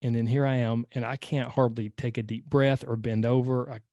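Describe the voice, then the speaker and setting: Animated male podcast host, dry sound. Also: medium pitch, a little fast, no echo, lo-fi sound. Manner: animated storyteller acting out his inner voice. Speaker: podcast host and weight-loss coach. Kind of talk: casual monologue, personal story.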